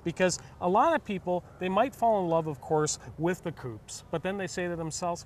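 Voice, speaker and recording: A man's voice: high voice, moderate pace, few pauses, a little hiss or hum. A man co-hosting a car review show, explaining features in an enthusiastic, chatty way.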